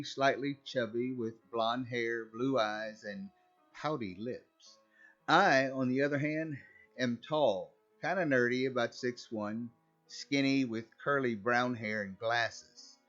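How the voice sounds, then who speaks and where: A man narrates a first-person horror story in a conversational, wry way, at an ordinary pitch for a man. The recording is a little dull and muffled. Faint background music runs under his voice. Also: fairly bright tone.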